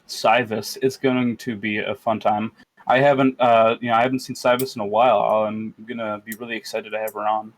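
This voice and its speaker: A man's voice: on the low side, level tone, brisk, low-quality recording. A man co-hosting a podcast as game master, chatting casually, rambling and joking with plenty of fillers. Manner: rambling, jokey, lots of fillers.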